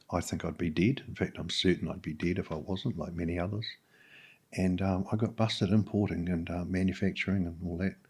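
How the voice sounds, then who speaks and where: This podcast guest is a middle-aged New Zealander whose voice is low and husky. Sharing his personal story candidly, he stumbles along, often saying "um" and starting over.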